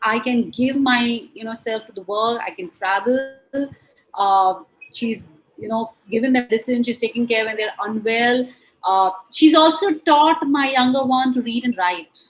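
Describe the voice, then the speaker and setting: Interview guest: woman, 40s, Indian English accent, slightly high voice, heartfelt and earnest, many "you know"s. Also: unhurried, low-quality recording.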